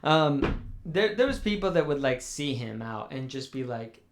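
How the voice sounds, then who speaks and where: A man's voice: mid-range voice, expressive, normal speed. Rambling young man, swearing as he vents. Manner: rambling, profane, mock-mournful. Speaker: podcast host. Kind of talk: casual chat.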